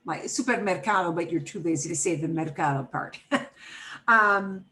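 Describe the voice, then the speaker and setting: A woman's voice: on the low side, moderate pace, bright, forceful tone, low-quality recording. A middle-aged woman teaching an online Spanish class, explaining grammar patiently step by step with everyday examples over a video call.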